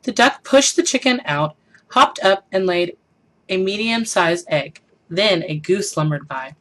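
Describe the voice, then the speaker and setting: A woman reading a children's picture book aloud with animated, expressive storytelling, then posing questions for students. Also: medium pitch, measured pace, rough recording. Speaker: storybook reader.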